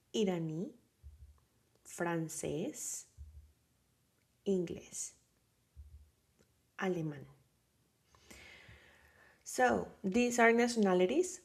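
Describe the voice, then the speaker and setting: Slow, gravelly-voiced woman teaching Spanish. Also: fairly low pitch. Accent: Colombian Spanish. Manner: patient, repeats words and checks with "right?" and "okay?". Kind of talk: slow explanatory lesson.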